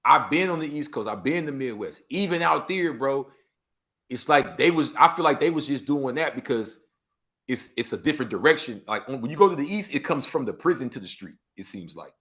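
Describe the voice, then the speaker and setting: A man from Los Angeles with a Los Angeles accent, a podcast guest talking in an animated way, acting out quoted street talk with heavy slang. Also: mid-range voice, a little fast. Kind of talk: casual storytelling interview.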